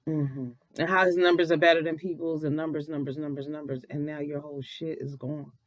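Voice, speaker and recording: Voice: mid-range voice, level tone, quick pace, no echo, rough recording. A vlogger giving blunt, profane, preachy commentary in an early-morning voice, just out of bed. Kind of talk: casual commentary.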